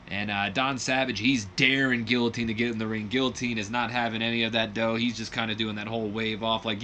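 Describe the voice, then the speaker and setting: A man's voice: on the low side, fairly quick, pushed and bright, slight background noise. A man narrating a wrestling sim in a rambling, self-correcting way, laughing at his own slips. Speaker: game commentator. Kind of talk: let's play narration.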